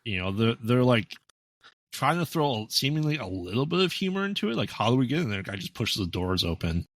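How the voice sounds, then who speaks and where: A medium-pitched man speaks in a very animated, fairly quick, fairly bright voice with no room sound. As a podcast co-host reviewing a film casually, he's relaxed yet unsure, restarting and saying um, with dry remarks thrown in.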